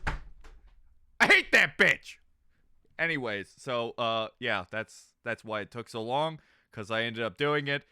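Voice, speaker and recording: A man casually chatting on a livestream, animated and laughing, with plenty of swearing. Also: mid-range voice, moderate pace, clear, resonant tone, dry recording. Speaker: streamer.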